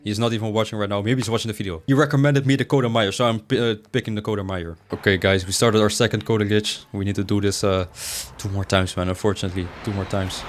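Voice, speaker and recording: A young man giving casual, slangy commentary over his gameplay, jumping from excited outbursts to low mumbles. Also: quick pace. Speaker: gaming streamer.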